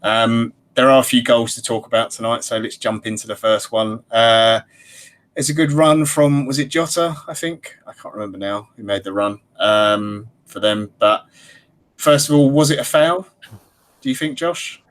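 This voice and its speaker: A man hosting a casual podcast, talking in a measured way with frequent ums. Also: medium pitch, a bit bright. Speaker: podcast host.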